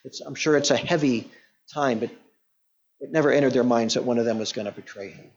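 A man's voice: mid-range voice, fairly quick. Man teaching scripture, conversational, lo-fi. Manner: conversational, explanatory, with restarts and quoted voices. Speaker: pastor or Bible teacher. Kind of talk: sermon, verse-by-verse Bible teaching. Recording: dull lo-fi sound.

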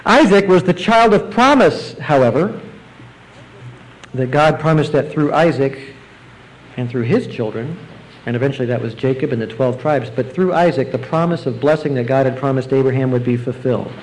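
A man preaching a sermon, explaining scripture verse by verse and rising now and then to emphatic, excited bursts. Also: medium pitch, normal speed, a little hiss or hum, rough recording. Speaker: pastor.

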